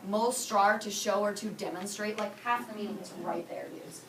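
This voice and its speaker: A woman teaching Spanish to a high school class, energetic and playful, drilling students with call-and-response in a classroom. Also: moderate pace, a little hiss or hum. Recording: echoey classroom, mic far off.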